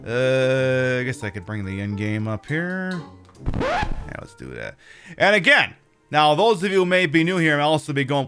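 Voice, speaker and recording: A man's voice: a little high, huge pitch swings, normal speed, fairly bright tone, soft background music. A man who streams as a drag queen, chatting casually and profanely to his audience and using lots of fillers. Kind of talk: casual livestream chat.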